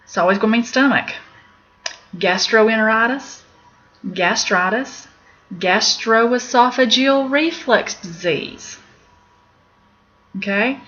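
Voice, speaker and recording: A woman's voice: fairly high pitch, slow, pauses often, sharp tone. A middle-aged woman with an Appalachian accent, teaching a casual recorded lesson on medical terms in a candid, chatty way. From Appalachian United States. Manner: candid, chatty, laughs at own jokes. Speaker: medical office instructor. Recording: slightly dull lo-fi recording with faint background noise.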